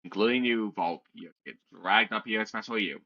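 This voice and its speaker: A man narrating as game master in a tabletop game, in an unhurried, rambling way. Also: lowish voice, pushed and bright, lo-fi sound.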